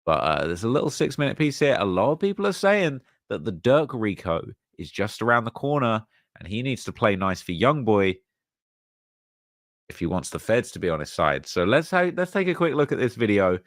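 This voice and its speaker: Male host, low and dry, loose conversational commentary with lots of repeats. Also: big pitch swings, normal speed, no room sound. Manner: conversational, repeats himself, fillers. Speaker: channel host. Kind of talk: casual commentary on rap news.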